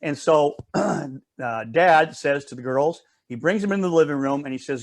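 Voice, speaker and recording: A man's voice: fairly high pitch, normal speed. A man leading a Bible study, teaching casually through a story and checking in with listeners often.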